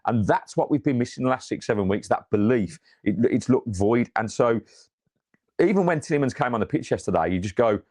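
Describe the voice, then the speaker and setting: A man talks quickly and keenly in a relaxed chat about his team. His pitch sits in an ordinary middle range, and his stories build in energy as he goes. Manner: animated storytelling, rises in excitement. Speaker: fan channel co-host. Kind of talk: casual match-reaction chat.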